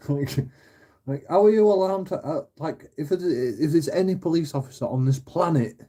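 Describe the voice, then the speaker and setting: A man's voice: on the high side, measured pace, dark tone. A man hosting his channel, ranting casually, swearing freely and laughing often between rambling restarts. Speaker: channel host.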